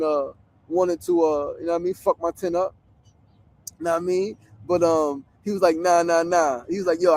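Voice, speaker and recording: A man, hosting a casual livestream from a tent on a city street, talking bluntly with plenty of profanity. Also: high voice. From New York. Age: 40s. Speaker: show host. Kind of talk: outdoor livestream talk. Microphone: phone streaming.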